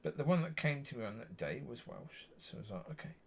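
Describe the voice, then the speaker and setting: Man, low and gravelly, husky tone, lively pitch swings, meandering faith vlog monologue. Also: fast. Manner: meandering, repeats himself, frequent self-corrections. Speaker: Christian vlogger. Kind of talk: rambling personal testimony.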